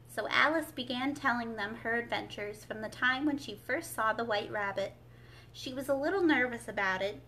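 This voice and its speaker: A woman librarian reading a storybook aloud to families with clear, expressive narration. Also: on the high side, moderate pace, a little hiss or hum. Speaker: children's librarian. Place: library children's room.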